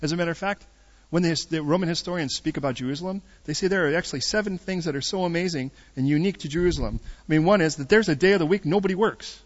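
A middle-aged man preaching a storytelling sermon, joking and swinging between loud bursts and hushed asides. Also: on the high side, racing. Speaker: pastor. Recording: dull lo-fi sound.

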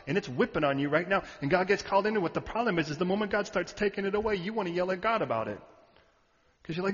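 A man preaching a sermon in an animated way, often asking his audience questions. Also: high voice, quick pace. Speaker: pastor. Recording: reverberant hall, dull sound.

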